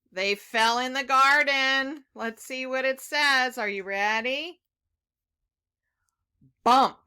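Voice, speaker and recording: Teacher type, woman, high and bright, unhurried read-aloud for kids, encouraging. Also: smooth. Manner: gentle, encouraging, asks the listener questions. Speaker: children's teacher reading aloud.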